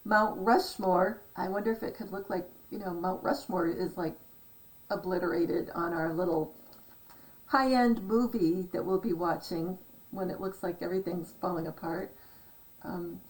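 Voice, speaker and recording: A woman talking in a chatty, excitable monologue, often trailing off with fillers as she explains her number decoding. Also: mid-range voice, distant mic, rough recording. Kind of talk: casual rambling monologue.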